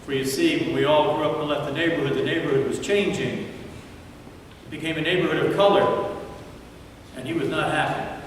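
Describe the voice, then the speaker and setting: A man preaching a sermon as pastor, telling a story dramatically and dropping to hushed tones at times. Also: fairly high pitch, a little fast, long pauses, slight background noise. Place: large church sanctuary. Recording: echoey church hall from far off.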